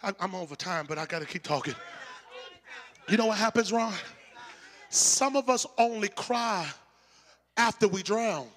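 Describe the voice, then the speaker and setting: A man preaching a sermon to a church congregation, rising into shouted calls and leading call-and-response. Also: high voice, animated, normal speed, long pauses, big-room sound.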